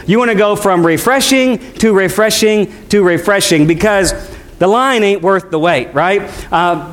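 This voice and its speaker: A middle-aged man, a pastor, preaching a sermon in a conversational way, speeding up and slowing down as he tells a story. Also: high-pitched. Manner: conversational preaching with shifting pace.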